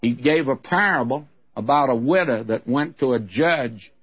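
A man's voice: medium pitch, moderate pace, slightly rough, highs cut off. A man giving a sermon as a Bible teacher, in a frank, folksy, conversational way.

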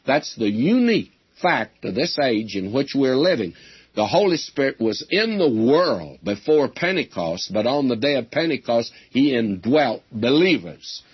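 Older male radio preacher, folksy and earnest, husky voice, dull old recording. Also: mid-range voice, very animated, measured pace. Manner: folksy, earnest preaching, addresses listeners as friends. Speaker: radio Bible teacher. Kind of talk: sermon.

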